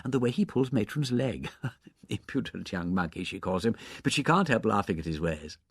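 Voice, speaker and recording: A man's voice: fairly low pitch, lively intonation, moderate pace, husky, no room sound, clean studio sound. A man voicing a chatty hospital nurse who gossips fondly about her patient.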